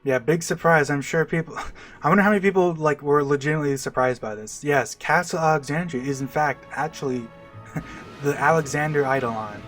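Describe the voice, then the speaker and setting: A man's voice: fairly high pitch, fairly quick, fairly bright tone. Chatty man commentating a game. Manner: chatty, laughs a lot, many "like"s. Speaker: let's play commentator. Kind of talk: casual gameplay commentary. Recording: faint game music behind.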